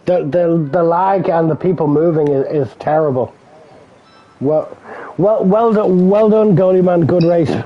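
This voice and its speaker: A man's voice: on the high side, a little slow, muffled recording. A man co-hosting a racing stream, chatting casually, greeting drivers and grumbling about the game. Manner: friendly, congratulates drivers, resigned about game issues. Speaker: racing league co-host. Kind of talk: casual livestream chat.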